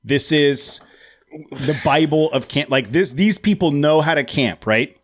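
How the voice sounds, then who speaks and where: A man's voice: fairly high pitch, measured pace. A man hosting a casual podcast, reading aloud from a magazine in a laid-back way and often stumbling and repeating words. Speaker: podcast host.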